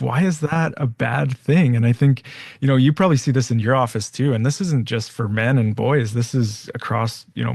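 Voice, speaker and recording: Male podcast co-host, psychologist, gravelly voice, dry close recording, thoughtful explainer. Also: medium pitch, a little mellow, dry recording. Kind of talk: casual conversation.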